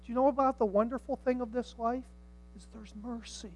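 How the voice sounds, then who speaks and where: An older man preaching a sermon, swinging from hushed tones to shouts and acting out the people in his stories. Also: extremely high pitch, fairly even intonation, brisk, slight background noise, poor audio. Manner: dramatic, swings from hushed to shouting, acts out voices.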